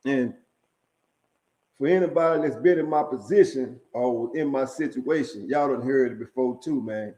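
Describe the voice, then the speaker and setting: Middle-aged storyteller, streetwise and profane, mellow dark voice, leans on "man" and "right?" between lines. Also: medium pitch, moderate pace, rough recording. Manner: chuckles at his own stories. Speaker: storyteller sharing prison stories. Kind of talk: casual storytelling monologue.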